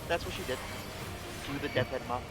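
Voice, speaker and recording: A man chatting casually while he streams a game. He rambles playfully and restarts his sentences as he goes. His voice sits at a middling pitch, and game music plays clearly behind him. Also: a little fast. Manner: rambling, playful, self-correcting. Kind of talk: casual chat while gaming.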